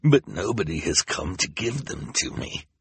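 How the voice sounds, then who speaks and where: A man doing a hoarse, gravelly bedridden patient. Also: deep voice, sing-song, moderate pace, no echo, full character voice. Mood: weary pleading. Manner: weary, pleading. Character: hoarse injured male hospital patient.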